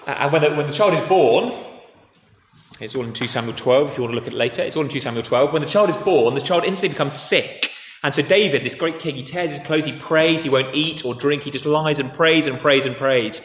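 A man preaching a sermon in a conversational, animated way, retelling a story with frequent restarts. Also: fairly high pitch, brisk. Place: church. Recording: echoey church hall with faint noise.

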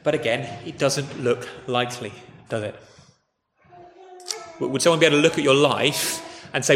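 A man's voice: mid-range voice, normal speed, creaky, long pauses, a bit bright, slight background noise. Preacher man in an echoing hall. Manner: conversational storytelling, addresses children. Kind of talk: sermon. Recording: echoey hall with faint ambience.

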